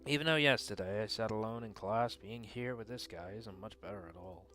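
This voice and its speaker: A man's voice: on the low side, fairly quick, bright, forceful tone, soft background music. A man reading a visual novel aloud in earnest first-person narration, adding dry asides of his own. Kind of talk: dramatic read-aloud narration.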